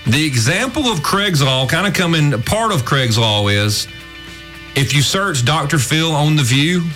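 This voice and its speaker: A male talk radio host who holds forth with firm opinions and leans into his points. His pitch sits mid-range, and soft music plays under him. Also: animated, a little slow. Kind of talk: radio talk show chat.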